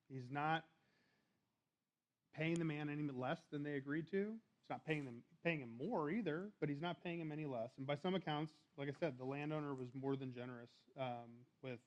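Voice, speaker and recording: Male preacher, easygoing conversational sermon, middle pitch, a bit lo-fi. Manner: conversational, restarts and fillers, reads scripture aloud.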